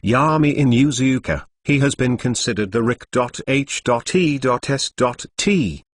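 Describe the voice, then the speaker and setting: A man's synthetic voice reading the lines of an old male bridge builder in a flat delivery. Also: medium pitch, a little slow, no room sound, studio quality. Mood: explaining.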